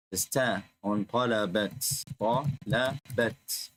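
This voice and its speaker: A man teaching an Arabic grammar lesson online, patiently repeating terms slowly and explaining in English. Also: mid-range voice, expressive, fairly bright tone, poor audio.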